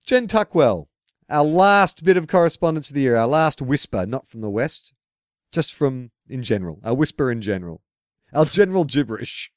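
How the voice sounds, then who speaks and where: A man co-hosting a sports podcast, chatting and reading a listener letter in a laid-back, low-key way. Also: lively intonation, normal speed, no echo, clean studio sound. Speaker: podcast co-host.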